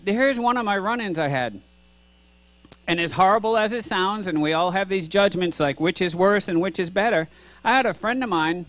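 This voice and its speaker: A middle-aged man preaches from the pulpit in a high voice, earnest and conversational, firing off rhetorical questions and acting out both sides of imagined exchanges. A low mains hum sits under the recording. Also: a bit bright. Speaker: pastor. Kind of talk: sermon. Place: church sanctuary.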